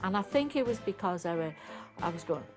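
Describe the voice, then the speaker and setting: A woman's voice: fairly low pitch, expressive, fairly quick, music in the background. An older woman with a Liverpool accent, telling stories in an interview and acting out the voices of people she quotes. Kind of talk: reminiscing interview.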